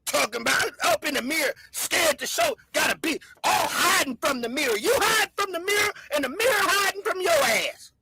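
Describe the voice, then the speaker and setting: A woman hosting a livestream, loudly hurling mocking insults in a shouting rant. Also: high voice, animated, a little fast, creaky, few pauses, slight background noise. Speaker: livestream host.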